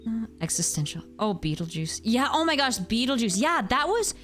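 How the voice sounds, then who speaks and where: Woman in her thirties, game streamer, casual chatty talk, lively exclamations, soft music underneath. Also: a little high, normal speed. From United States. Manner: chatty, answers chat, animated exclamations. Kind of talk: casual chat while gaming.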